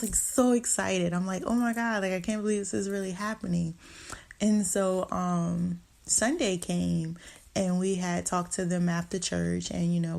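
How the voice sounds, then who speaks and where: Chatty woman host with a gravelly edge. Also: on the low side, a little mellow. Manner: chatty, lots of "like" and "you know", acts out quotes. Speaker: podcast host. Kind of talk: casual storytelling.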